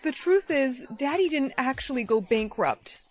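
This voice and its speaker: Brief: a woman as a worried skit mom, high voice, fussing over her daughter. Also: lively intonation, normal speed, darkish tone. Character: fussy mother and catty school girl. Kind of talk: short comedy skit acting.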